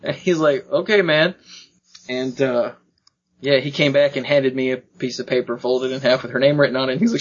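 A man's voice: mid-range voice, brisk, husky, lo-fi sound. A man telling a funny personal story in casual podcast chat, acting out the other people's lines and laughing often. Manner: animated, acts out quoted voices, laughs often. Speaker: podcast co-host.

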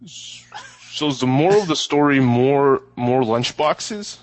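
Slow-talking teasing man. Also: mid-range voice, lively intonation, poor audio. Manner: teasing, dry humor. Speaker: podcast co-host. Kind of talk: casual chat.

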